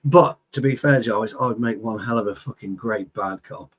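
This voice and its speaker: Husky, boisterous man. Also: lowish voice, a little fast, few pauses. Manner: boisterous, joking, swears freely. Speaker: football show co-host. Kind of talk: casual chat.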